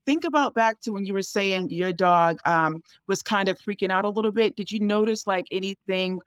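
A woman's voice: medium pitch, moderate pace, clean tone, dry recording, studio quality. Chatty woman dog trainer, um-filled explanations. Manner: chatty and explanatory, many fillers like um and you know. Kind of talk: casual advice in a podcast conversation.

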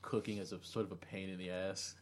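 A man's voice: low-pitched, level tone, fairly quick, slight background noise. A man from Maryland co-hosting a podcast, talking in casual chat in a matter-of-fact, joking way. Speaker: podcast co-host.

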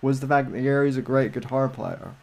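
A man chatting casually on a livestream, rambling with frequent restarts and halting phrases. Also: medium pitch, creaky. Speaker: livestream guest. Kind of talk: casual chat.

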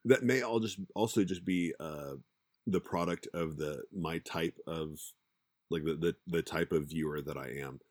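A man co-hosting a podcast in casual chat, halting and repeating words as he reads out listener comments. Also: rumbling low, dry recording, clean studio sound. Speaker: podcast co-host.

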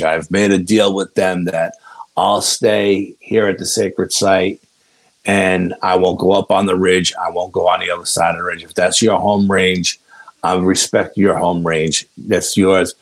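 A man, a podcast guest, telling a story in a casual, laid-back, unhurried way. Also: sits low, little pitch movement, poor audio.

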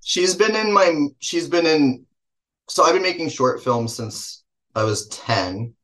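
A filmmaker guest with a New Jersey accent answers interview questions slowly in a fairly high, fairly bright, animated voice. He rambles and corrects himself, laughing between thoughts.

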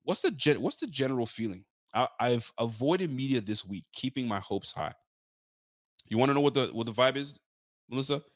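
A man riffing on a sports podcast, his speech loose, slangy and full of curses. He sits close to a dry mic in a dead room, and his pitch lands in the middle of the male range. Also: moderate pace, no echo. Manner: profane, animated rant with slang. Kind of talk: casual ranting commentary.

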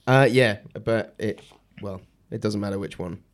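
A man's voice: on the low side, moderate pace. Laid-back man hosting a podcast. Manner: laid-back, joking, reads off a list. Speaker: podcast host. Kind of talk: casual chat.

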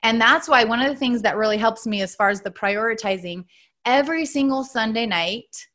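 A woman's voice: fairly high pitch, a little fast, fairly bright tone. A woman in her thirties hosting a podcast, talking in an earnest, chatty motivational monologue and laughing often. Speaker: podcast host.

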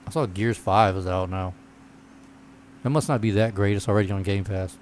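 A man's voice: fairly low pitch, steady tone, moderate pace, a little mellow, a little hiss or hum. Laid-back, profane man chatting games. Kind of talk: casual gaming chat among friends.

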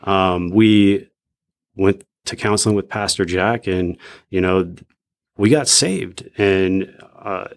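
A young man as a podcast guest, reflecting in a halting, casual way with lots of "like". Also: low-pitched. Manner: reflective, halting, many "like" fillers. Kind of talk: casual faith podcast chat.

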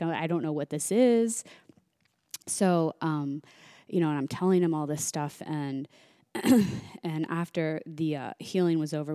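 Low, dry-voiced woman telling a story. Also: no echo. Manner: animated, acts out quoted dialogue. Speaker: podcast guest. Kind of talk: casual storytelling.

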